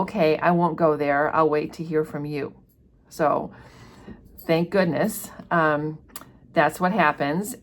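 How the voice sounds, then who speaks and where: Chatty woman with a lower voice. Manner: chatty, paraphrases with frequent fillers. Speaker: book discussion host. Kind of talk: casual chapter-by-chapter book commentary.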